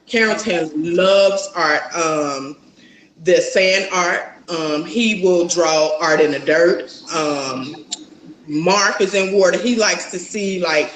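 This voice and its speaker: A woman's voice: fairly low pitch, slow, reverberant, slight background noise, rough recording. A woman, a mother and interview guest, talking casually and reflectively, rambling with lots of fillers. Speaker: mother of a young son, guest.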